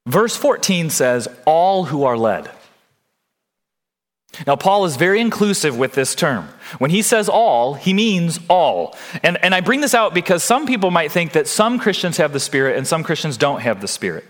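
A male pastor delivers a sermon in an earnest way. His voice sits somewhat high for a man. He keeps turning to the congregation with direct questions. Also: very animated, moderate pace.

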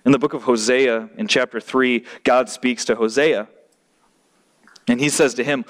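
A man's voice: fairly even intonation, moderate pace. A man preaching a sermon, emphatic, often repeating words as he restarts. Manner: emphatic, rising in pitch and volume at points.

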